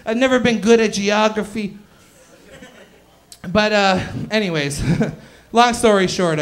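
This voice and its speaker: A man in his twenties doing a stand-up comedy set on a club stage, loud, crude and bantering with the crowd. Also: high voice. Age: 20s.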